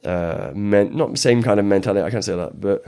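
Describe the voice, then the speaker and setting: Fast-talking low-voiced British man. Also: gravelly, warm tone, clear, resonant tone. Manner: rambling, many restarts and "like" fillers. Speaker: guest, jiu-jitsu coach. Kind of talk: casual podcast conversation.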